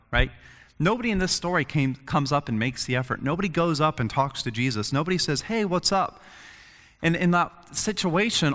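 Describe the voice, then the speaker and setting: A young adult man giving a conversational sermon, telling stories with lively voiced asides. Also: mid-range voice. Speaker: pastor. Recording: long hall reverb.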